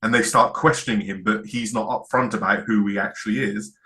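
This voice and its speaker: A man's voice: on the low side, fairly even intonation, brisk, bright, forceful tone. A man co-hosting a casual chat, enthusiastically retelling scenes and acting out the lines. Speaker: podcast co-host.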